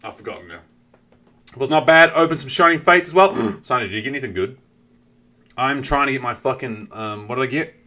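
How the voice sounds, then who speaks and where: A male streamer telling a long story to his chat in an animated way, swearing freely and greeting viewers. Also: mid-range voice, fairly quick. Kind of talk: casual live-stream storytelling.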